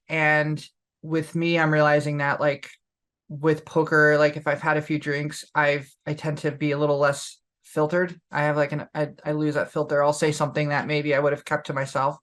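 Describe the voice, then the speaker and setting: A young adult woman co-hosting a podcast tells a story casually and candidly, her low, slightly bright voice full of fillers and broken up by laughter as she goes.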